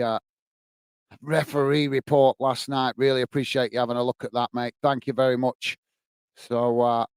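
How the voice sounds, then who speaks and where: A man's voice: medium pitch, smooth, no echo. A man from the UK hosting a casual football watch-along stream, chatting to viewers with lots of fillers and friendly greetings, a bit out of breath. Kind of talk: casual live-stream chat reading viewer comments.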